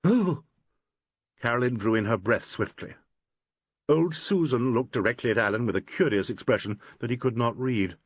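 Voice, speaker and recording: A man giving expressive scripted narration of a mystery audiobook. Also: medium pitch, a little fast, no room sound.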